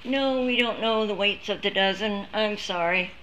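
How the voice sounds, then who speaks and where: A woman's voice: medium pitch, normal speed, a bit bright, a little hiss or hum. A woman streaming live on her phone, chatting casually and cooing in baby talk to a litter of puppies. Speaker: service dog puppy caretaker streaming a litter.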